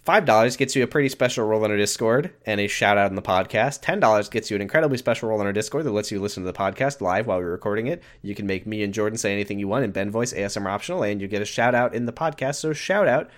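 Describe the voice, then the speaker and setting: A man's voice: on the low side, rapid-fire, hardly any pauses. A man co-hosting a podcast, running through plugs and thanks in a casual, rambling chat. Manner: rambling, laughs between plugs. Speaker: podcast co-host.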